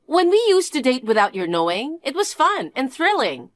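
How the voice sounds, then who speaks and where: A spoiled, husband-stealing young niece, as a woman puts her on, sneering and sing-song as she taunts. Her voice sits high and swings widely in pitch, and she often draws her words out slowly. It is recorded close and dry, with no room sound. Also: sing-song, dry recording. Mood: flippant. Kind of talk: scripted dialogue drama.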